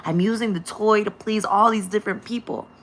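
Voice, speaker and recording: A woman's voice: mid-range voice, fairly even intonation, brisk, fairly bright tone. A woman giving a casual spiritual message to her viewers, rambling and repeating herself, laughing often and swearing freely. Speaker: spiritual channel reader.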